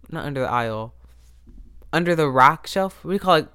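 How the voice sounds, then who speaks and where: A man's voice: a little high, lively intonation, fairly quick, long pauses, pushed and bright, clean tone. A man hosting a podcast, telling a story in a rambling, casual way, often cutting himself off with restarts and asides. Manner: self-interrupting, restarts and asides. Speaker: podcast host. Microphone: podcast microphone.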